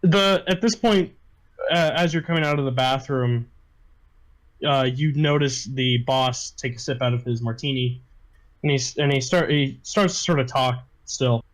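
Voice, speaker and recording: A man narrating a tabletop game as game master, halting and full of fillers. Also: medium pitch, poor audio.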